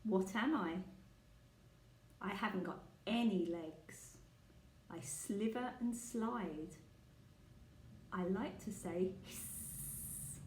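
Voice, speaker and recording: A woman's voice: mid-range voice, slight background noise. A woman leading a guessing game for young children, speaking patiently and asking the listener questions. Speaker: children's teacher. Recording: echoey room.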